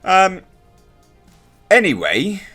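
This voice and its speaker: A young man talks through a TV episode in a loose, exasperated review. His voice swings widely in pitch and sounds bright and forceful. Faint background music plays under him. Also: huge pitch swings, extremely slow. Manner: sarcastic, exasperated, mocking impressions. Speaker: TV show reviewer. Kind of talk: casual spoken review.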